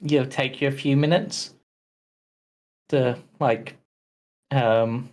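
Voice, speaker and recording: A man narrating as game master of a tabletop campaign, relaxed and a little hesitant, with plenty of fillers. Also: medium pitch, takes it slowly, low-quality recording.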